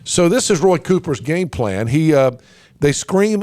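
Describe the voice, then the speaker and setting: A man's voice: a little high, expressive, unhurried, a little mellow, dry recording, studio quality. A man hosting a political talk radio show, emphatic and folksy, with lots of fillers and restarts. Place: radio studio. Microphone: studio microphone.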